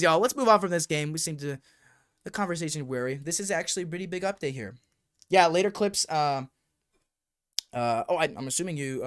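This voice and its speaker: Chatty, animated male livestreamer. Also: fairly high pitch, clean tone. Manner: animated and talkative, mild swearing. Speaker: livestream host. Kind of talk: casual livestream chat answering viewers. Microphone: desk streaming microphone.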